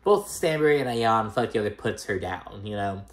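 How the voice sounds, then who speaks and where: His voice fairly low and his intonation lively, a man moves fairly quickly through a reality show episode recap. It's a loose, chatty retelling packed with "like" and "girl."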